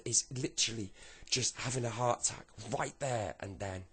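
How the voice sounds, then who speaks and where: A man telling a long comic story, animated and acting out its characters. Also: lowish voice, moderate pace, few pauses, breathy edge. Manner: animated, acts out the voices.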